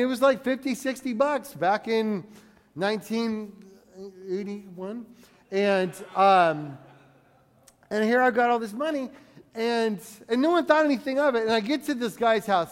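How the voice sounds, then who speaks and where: A man's voice: high-pitched, moderate pace. A man in his forties preaching a sermon, telling stories and acting out the voices of the people in them. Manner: animated storyteller acting out voices. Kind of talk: sermon with storytelling. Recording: long reverb of a hall.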